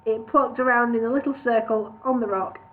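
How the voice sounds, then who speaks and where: A woman's voice: a little high, steady tone, brisk, slight background noise. A woman reading a parody fantasy novel aloud, sometimes stopping to redo a line. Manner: stops and redoes lines. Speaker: reader. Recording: tinny phone-like sound.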